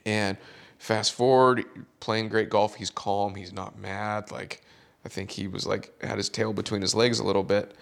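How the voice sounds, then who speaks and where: A man who works as a caddie, telling a story in a podcast chat and acting out the quotes with animated delivery. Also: fairly low pitch, measured pace, gravelly.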